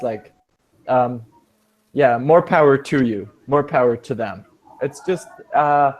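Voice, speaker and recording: A man's voice: medium pitch, slight background noise. A man teaching an English speaking class, explaining expressions patiently and rephrasing them several times.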